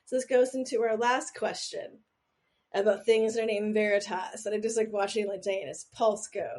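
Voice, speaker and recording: Her voice sits in the mid-range with a darkish tone, fairly even intonation, and a moderate pace. Co-hosting a laid-back podcast, she rambles through a quiz with self-deprecating jokes and asides, now and then leaning away from the mic.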